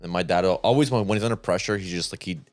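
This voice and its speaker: Laid-back low-voiced young man, dry mic. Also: racing, dry recording, soft background music. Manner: laid-back anecdotal storytelling. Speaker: podcast co-host. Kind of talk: casual comedy podcast chat.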